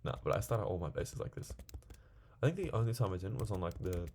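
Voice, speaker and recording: A young man rambles on in casual gameplay commentary. His voice is low with a gravelly fry and a mellow, dark tone. Faint background noise sits under his steady chatter. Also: fast talker. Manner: rambling, chatty, talks to himself while playing. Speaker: gaming video creator.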